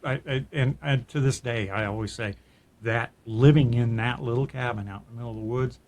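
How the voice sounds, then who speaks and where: A middle-aged man with a mid-range voice talks a little fast while co-hosting a podcast. Telling a personal story, he stays casual, earnest and reflective, with frequent sentence restarts and soft laughs.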